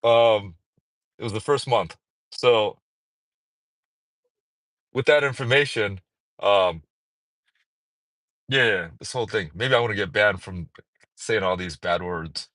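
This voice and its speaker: A man's voice: slow, pauses often, fairly bright tone, no room sound. A man chatting casually on a livestream while out at a mall, rambling, joking and swearing freely. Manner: rambling, playful, swears freely, sudden singing and high-pitched bits. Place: outdoors at a mall parking area.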